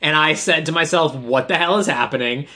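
A man's voice: on the high side, brisk, pushed and bright. A man co-hosting a podcast, recapping a film in casual chat, quoting his own notes and acting out the dialogue. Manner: chatty, quotes his notes, acts out dialogue. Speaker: podcast co-host.

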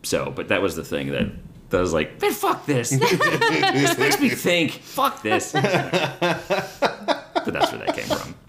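A man chatting on a comedy podcast about a tabletop campaign, his voice leaping all over the place as he jokes. He talks at an everyday middle pitch but goes from low asides to sudden loud, laughing outbursts. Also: huge pitch swings, slow pace, creaky, long pauses, slight background noise. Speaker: podcast host and game master. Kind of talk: casual comedic chat.

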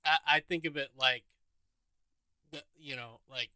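A man co-hosting a podcast who chats casually about an episode. His voice is bright and a little high. He hedges his points with many "like"s and often trails off. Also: fairly even intonation, measured pace, clean tone, rough recording. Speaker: podcast co-host. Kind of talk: casual chat discussing a TV episode.

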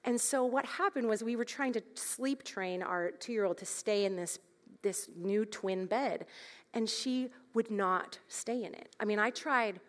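A woman's voice: medium pitch, a little slow. A woman in her thirties telling a candid, self-deprecating parenting story as part of a sermon, laughing at herself as she goes. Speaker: speaker at a church gathering. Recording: long hall reverb.

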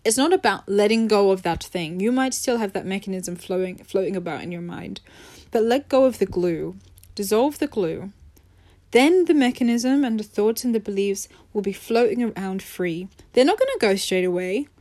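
Mellow-voiced woman hosting a self-help talk. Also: mid-range voice, expressive, moderate pace. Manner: earnest, conversational, laughs easily, drifts into acted quotes. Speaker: podcast host.

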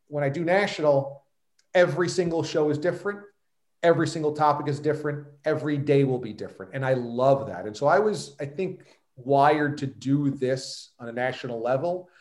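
A man's voice: medium pitch, darkish tone, reverberant. A man, talking as a podcast guest who tells his story in a confident, emphatic way. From New York. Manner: emphatic and self-assured storytelling. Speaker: guest, sports radio host. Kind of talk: podcast interview.

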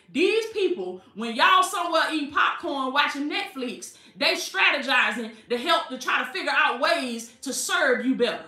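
Animated woman preacher, echoey room. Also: high voice, far from the mic. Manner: animated, calls listeners baby, laughs often. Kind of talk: sermon. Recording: echoey, from off the mic, faint music.

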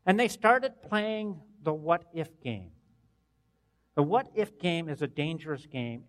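A pastor delivering a sermon, his voice sitting a little high for a man. He preaches earnestly, rising to loud bursts and falling to hushed endings. The sound carries a long reverb, as in a church hall.

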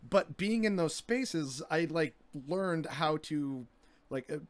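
Male guest, casual chat, hesitant and reflective, slightly high voice, dry sound. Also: expressive, takes it slowly, no room sound. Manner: reflective, hesitant with many fillers. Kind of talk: casual conversation.

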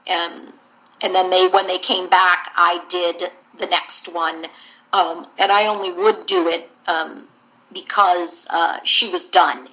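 A woman's voice: fairly low pitch, fairly even intonation, slow, sharp tone, rough recording. A woman voice actor, a guest in an interview, telling candid, rambling stories about her career.

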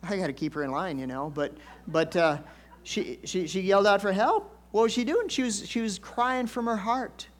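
A man's voice: high-pitched, expressive, moderate pace. Older male pastor preaching folksy stories. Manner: conversational, folksy, emphatic swells. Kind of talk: storytelling sermon.

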